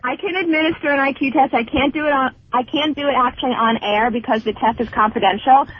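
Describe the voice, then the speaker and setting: Husky woman caller on a muffled phone. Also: high-pitched, fast talker, no echo. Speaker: psychologist caller. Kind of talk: call-in radio talk.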